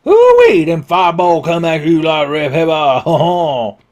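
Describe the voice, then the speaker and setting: Guy doing a whooping Cajun man in a put-on Cajun accent, loud and pitched up, hollers between phrases. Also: sing-song, unhurried. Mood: hollering. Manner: whooping, broken grammar.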